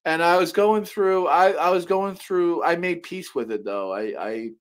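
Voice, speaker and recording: A middle-aged man talks over a webcam mic on a live stream, his voice pitched a little high for a man. He rambles and restarts his sentences again and again, and he swears freely as he gets heated. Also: measured pace, clear, resonant tone. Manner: rambling with many restarts, swears when angry. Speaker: show host. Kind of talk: heated casual chat.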